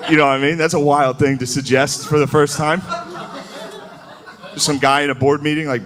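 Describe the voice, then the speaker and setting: A man's voice: a little high, fairly even intonation, moderate pace, long pauses. A man doing a stand-up comedy set, telling stories in a crude, profane and laughing way. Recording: noisy live recording.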